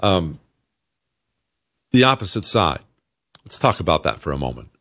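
Male host, political commentary, blunt, sarcastic, lowish voice, dry close sound. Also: big pitch swings, normal speed, vocal fry, pushed and bright, no room sound. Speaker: talk show host.

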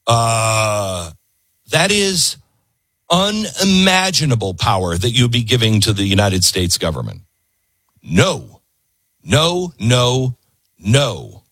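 Man, middle-aged talk host, lively swinging pitch, slightly husky, emphatic commentary. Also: takes it slowly, long pauses, no echo. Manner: emphatic, repeats his points for force. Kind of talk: political commentary monologue.

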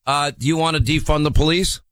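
A man's voice: a little high, steady tone, fairly quick, a bit bright, dry recording. A man hosting a call-in radio talk show, needling and mocking a caller in a brusque way.

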